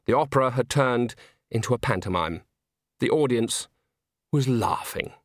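An expressive male narrator reading a comic novel, his pitch rising and falling freely. He reads in a wry, lively way, recorded close and dry with no room sound. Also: moderate pace, dry recording. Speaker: audiobook narrator. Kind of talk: audiobook narration.

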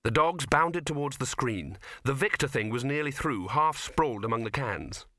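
A man reads a novel aloud in steady, measured narration. His voice is bright and clear, and the recording is close and dry with no room sound. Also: medium pitch, no room sound. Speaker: audiobook narrator. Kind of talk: scripted narration.

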